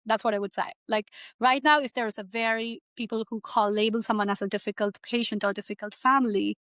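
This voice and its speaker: A woman's voice: a little high, steady tone, quick pace, fairly bright tone, dry recording. A middle-aged woman from India, a physician, answering interview questions in a conversational way, often tagging "right?" onto her sentences. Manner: conversational, frequent "like" and "right?" tags.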